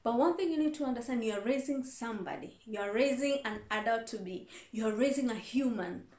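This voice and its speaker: Woman, reverend, casual advice talk, earnest, repeats points, higher-pitched, roomy echo. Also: fairly quick, a little mellow. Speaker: reverend answering viewer questions. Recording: echoey room.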